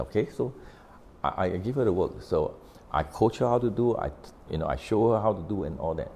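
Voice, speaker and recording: Low-voiced Malaysian man telling a story. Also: lively intonation, dark tone, a little hiss or hum. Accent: Malaysian English. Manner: recounts conversations with quoted dialogue, unhurried, explanatory. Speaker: author sharing on his book. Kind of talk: casual storytelling talk.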